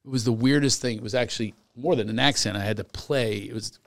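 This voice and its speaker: A middle-aged man hosting a casual interview, joking and chatty and quick to laugh. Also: mid-range voice, no echo, studio quality. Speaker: podcast host.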